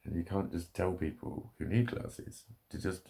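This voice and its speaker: Low gravelly man, sweary rant. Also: fairly even intonation, normal speed, hardly any pauses, dark tone. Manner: heavy swearing, angry ranting. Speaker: vlogger. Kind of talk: ranting monologue.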